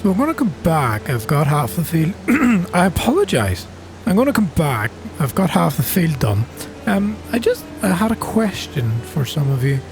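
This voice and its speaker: A middle-aged Northern Irish man with a softened accent, chatting casually and thinking aloud with plenty of ums as he commentates his own farming game. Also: on the high side, sing-song, moderate pace, faint music behind. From Northern Ireland. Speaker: gaming channel host.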